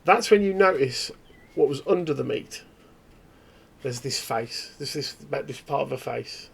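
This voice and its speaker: A man running a tabletop horror game as its game master. He tells the scene in halting, descriptive storytelling, with a gravelly rasp in his voice at a middling pitch. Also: expressive.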